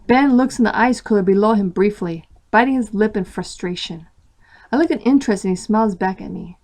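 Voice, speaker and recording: Lady storyteller reading a novel out loud, first person, lots of feeling, mid-pitched voice. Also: fairly quick. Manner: expressive first-person narration.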